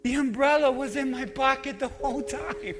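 A male pastor preaching a fiery sermon in a church, moving between soft asides and shouted exhortations. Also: very high voice, normal speed. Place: church sanctuary. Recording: long church reverb with music behind. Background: music playing.

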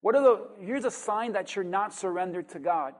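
A pastor preaching a sermon with dynamic swings between loud emphasis and quiet asides, full of rhetorical questions and call-and-response. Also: medium pitch, normal speed.

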